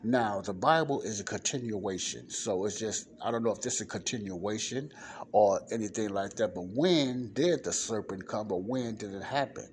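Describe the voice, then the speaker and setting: A man with a fairly low voice teaches scripture in a relaxed, conversational way, reading verses aloud and breaking them down. He often checks in with his listeners between points. A faint hum of background noise sits under his voice. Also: moderate pace. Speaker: Bible teacher. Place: non-soundproof spot in a library.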